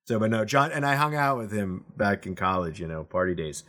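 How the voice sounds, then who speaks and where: A middle-aged man from New Jersey talks in a loose, rambling way on a podcast, stopping and restarting often. His voice sits a little low. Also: expressive, fairly quick, fairly bright tone. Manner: rambling, full of restarts and fillers. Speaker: podcast co-host. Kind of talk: casual podcast chat.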